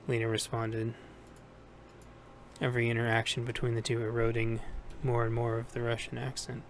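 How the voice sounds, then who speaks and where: A man narrating an audiobook in a steady, plain reading voice with small self-corrections. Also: mid-range voice, normal speed, vocal fry, slight background noise. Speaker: audiobook reader.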